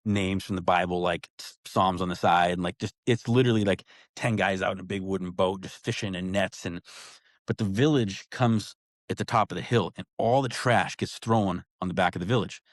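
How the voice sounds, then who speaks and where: A man talking as a podcast guest, telling stories in a casual, animated way full of slang like "bro" and "dude". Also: sits low, no echo, studio quality. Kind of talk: casual storytelling chat.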